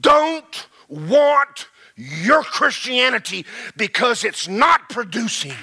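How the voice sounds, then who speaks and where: A man preaching a sermon, swinging from low murmurs to shouted passages. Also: very animated, takes it slowly, breathy edge. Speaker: pastor.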